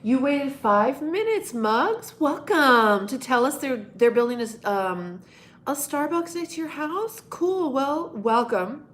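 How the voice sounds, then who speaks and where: A woman hosts a casual live stream, talking unhurriedly with her viewers. Her manner is playful and teasing, and now and then she bursts into loud joking noises. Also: high-pitched, animated, slow.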